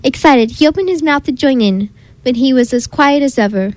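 High-voiced woman reading a picture book aloud. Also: moderate pace, dry recording, rough recording. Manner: gentle, expressive, imitates animal sounds. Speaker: storybook reader.

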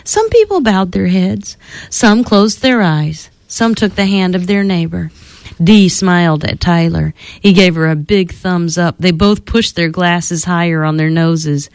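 A woman radio host reading a children's storybook aloud in a studio with an expressive delivery, then appealing to listeners. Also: lowish voice, measured pace, dry recording.

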